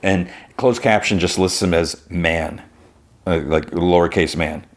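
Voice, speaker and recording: A man's voice: deep voice, a little slow. A man hosting a podcast who recaps a TV episode in a casual, rambling way, full of "like" and restarts. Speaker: podcast host.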